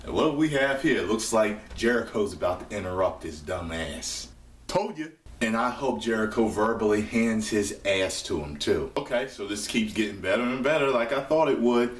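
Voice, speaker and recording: A fairly low-voiced man reacts live to a wrestling broadcast, swearing freely and jumping into loud, excited outbursts. He sits back from the microphone in a roomy, echoing space, so his voice carries a hollow ring. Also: normal speed, distant mic. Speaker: wrestling show reviewer.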